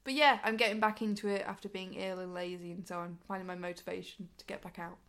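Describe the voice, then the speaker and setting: A woman's voice: medium pitch, fairly even intonation, fast talker, fairly bright tone. A woman co-hosting a casual podcast, teasing her co-host and laughing often. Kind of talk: casual chat.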